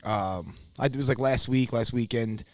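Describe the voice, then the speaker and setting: A man's voice: mid-range voice, normal speed, dry recording. A man tells a story on a podcast, swearing freely. His voice sits in a middle range. The sound is dry and close. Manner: profane, animated storyteller who acts out quotes loudly. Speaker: podcast co-host. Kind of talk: casual storytelling chat.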